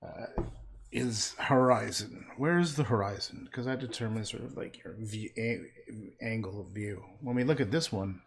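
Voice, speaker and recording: A man's voice: fairly low pitch, normal speed, creaky, hardly any pauses. A man painting and chatting casually on a livestream, rambling and trailing off into muttered asides.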